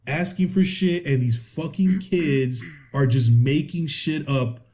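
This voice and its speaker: A man, co-hosting a podcast and telling a story full of swearing. He acts out the people in it in animated bursts. His voice sits a little high, with a mellow, warm tone. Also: takes it slowly. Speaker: podcast co-host. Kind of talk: casual profane storytelling.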